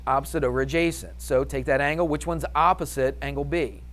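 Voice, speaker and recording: A man's voice: on the high side, fairly even intonation, fairly quick, a bit bright. Upbeat male math teacher quizzing his class. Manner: upbeat, asks class questions and answers them himself. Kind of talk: classroom lesson.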